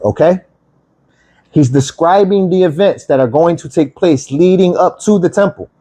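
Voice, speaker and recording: A man's voice: on the high side, normal speed, dark tone. A man teaching the Bible on a livestream, reading scripture aloud and then explaining it, checking in with listeners with "okay?" and "right?".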